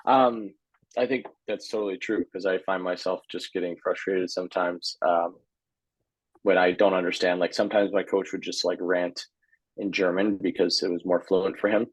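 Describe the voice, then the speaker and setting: On poor, dry audio, a podcast guest in his twenties who plays hockey chats casually at a moderate pace. His low-pitched voice has a breathy edge, and he sounds relaxed, a little hesitant with fillers, and given to chuckling.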